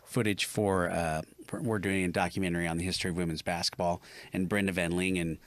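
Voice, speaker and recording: A man with a very deep voice hosting a podcast, upbeat and quick with encouraging reactions. He is heard close on a studio mic in a dry, dead room. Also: level tone, no room sound. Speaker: podcast host. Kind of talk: casual interview chat.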